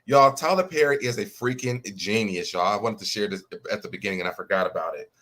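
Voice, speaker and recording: A man's voice: fairly low pitch, fast, a bit bright. A man co-hosting a casual gossip chat over a video call, rambling and laughing often, talking straight to viewers. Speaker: co-host of gossip show.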